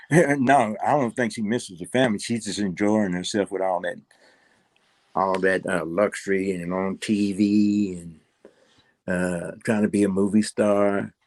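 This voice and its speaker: A man's voice: fairly low pitch, steady tone, a little slow, no echo. An older man, a guest in a casual interview, rambling and repeating words with plenty of fillers.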